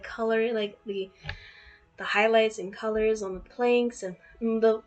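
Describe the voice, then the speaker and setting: A woman's voice: a little high, muffled recording. A young woman playing a fan-made game, rambling with lots of fillers and laughing as she reads the story text aloud. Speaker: game streamer. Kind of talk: let's play commentary and reading aloud.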